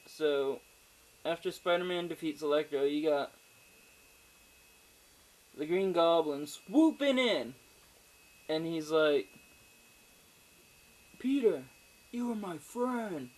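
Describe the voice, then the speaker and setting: A man's voice: on the high side, slight background noise, rough recording. A man giving a casual, rambling spoken movie review, swearing freely and often trailing off into fillers and asides. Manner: rambling, profane, with frequent fillers and digressions.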